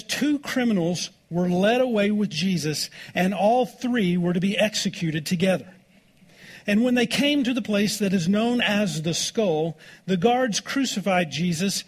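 A male pastor delivering a sermon, reading scripture aloud and slowing down to stress key words. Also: sits high. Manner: slows down for emphasis, reads scripture aloud.

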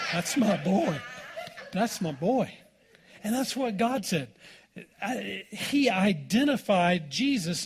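A man's voice: sits high, slight background noise. A man pastor preaching a sermon in a church, in a folksy, informal way and calling out for "amen" from the congregation.

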